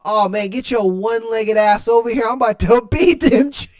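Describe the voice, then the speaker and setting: A man's voice: very high-pitched, moderate pace, pitched above the performer's own voice. A man putting on a cocky young man boasting crudely to his girlfriend. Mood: boastful. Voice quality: crude, laughing.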